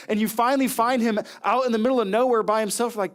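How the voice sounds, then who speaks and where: A young adult man preaching a sermon as pastor, telling Bible stories with lively acted-out dialogue. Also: extremely high pitch, quick pace, few pauses. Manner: animated storytelling, acting out voices of Jesus and listeners.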